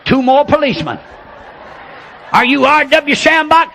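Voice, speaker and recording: An older man preaches, spinning a folksy story and building to shouted calls. His voice sits high and bright, with a sharp, forceful edge. Faint noise hums underneath. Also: animated, normal speed. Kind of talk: sermon storytelling.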